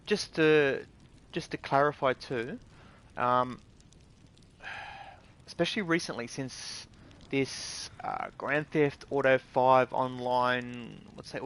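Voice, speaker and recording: Aussie guy ranting about games, kinda high voice, blunt and annoyed, swears a lot. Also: a bit bright. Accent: Australian. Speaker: gaming video creator. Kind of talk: casual ranting commentary.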